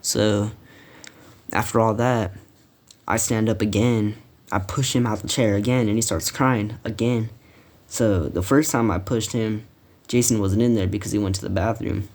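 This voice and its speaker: A man's voice: lowish voice, steady tone, moderate pace, darkish tone. A teenage boy telling a story from school in a casual, rambling, profane way, with frequent restarts. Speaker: storytime vlogger.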